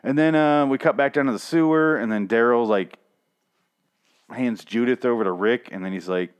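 A young man giving a casual, profane episode recap, rambling and sarcastic, often mocking characters in quick put-on voices. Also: mid-range voice, clean tone.

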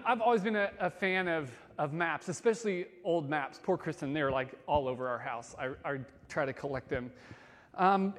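A man giving a sermon as a pastor, conversational and casual, swinging between loud emphasis and soft, quiet stretches. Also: high voice, big-room sound.

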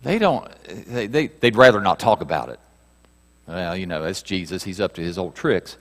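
A man's voice: low-pitched, expressive, normal speed. Preaching man in an echoing hall. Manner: dynamic, swings from raised to hushed, reads scripture aloud. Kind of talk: sermon. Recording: reverberant hall.

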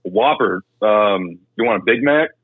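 A man's voice: lowish voice, normal speed, vocal fry, slightly rough, voice pushed down, heavily acted. A man doing a bored burger-counter worker on the phone. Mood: dismissive. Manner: flat, dismissive. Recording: tinny phone line, dry.

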